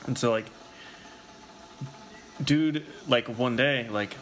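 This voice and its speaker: A man's voice: mid-range voice, slow pace, a bit bright, a little hiss or hum. A man telling a long story in a rambling, casual way, swearing a lot and filling his talk with "like". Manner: rambling, profane, heavy use of filler "like".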